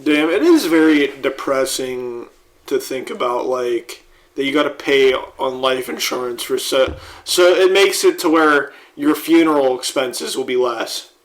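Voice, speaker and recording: A man's voice: medium pitch, measured pace, low-quality recording. A man co-hosting a casual podcast, talking loosely and swearing a lot. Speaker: podcast co-host.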